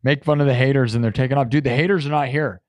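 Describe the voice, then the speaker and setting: A man's voice: mid-range voice, steady tone, racing, no echo. A man hosting a live stream, chatting in a rambling, jokey way and talking straight to his chat. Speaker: live-stream host and musician.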